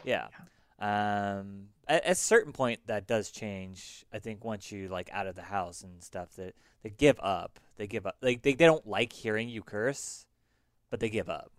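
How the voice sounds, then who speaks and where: A man chatting on a podcast, answering slowly with many fillers. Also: fairly low pitch, no room sound, clean studio sound. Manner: hesitant, filler-heavy speech. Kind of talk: casual podcast chat.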